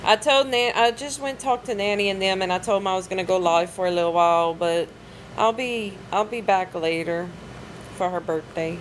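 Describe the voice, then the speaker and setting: A woman's voice: mid-range voice, fairly even intonation, normal speed, rough recording. Woman chatting on her live, rambly with lots of ums, bit of hum in the back. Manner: rambling, with filler words. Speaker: livestream host. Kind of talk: casual livestream chat.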